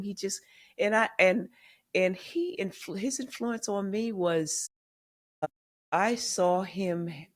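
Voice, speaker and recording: A woman's voice: on the low side, a little mellow. Candid older woman telling family stories. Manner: candid storyteller who acts out quoted family members. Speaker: memoir author guest. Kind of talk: podcast interview storytelling.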